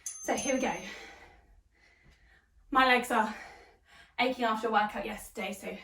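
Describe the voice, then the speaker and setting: A woman's voice: on the high side, steady tone, normal speed, fairly bright tone, roomy sound, distant mic. A woman leading a hoop workout, out of breath, cheering people on and counting down the reps. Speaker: fitness instructor. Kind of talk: workout instruction.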